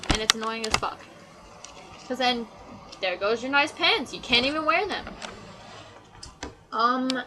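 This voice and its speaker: Teenage girl, bright voice, slightly high, chatty sarcastic rant, casual vlog. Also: slight background noise, rough recording. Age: teens. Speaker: vlogger. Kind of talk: casual ranting list.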